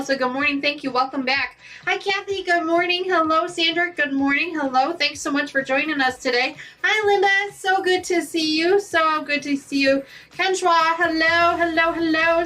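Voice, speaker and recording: A woman's voice: high voice, bright, forceful tone, distant mic. A woman hosting a live quilting stream, chatty and upbeat, greeting viewers by name. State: has the hiccups. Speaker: quilting channel host.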